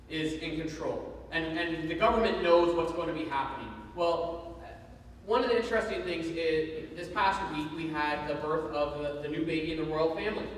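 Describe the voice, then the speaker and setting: A man's voice: sits high, a bit bright, slight background noise. A man preaching a sermon, earnest and emphatic, repeating his main point. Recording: echoey hall from far off.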